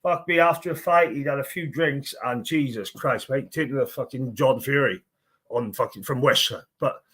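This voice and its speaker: A man's voice: medium pitch, normal speed, a bit bright, slightly rough. A man with a Welsh accent, a bare-knuckle fighter telling stories in casual podcast chat, swearing often and laughing as he goes.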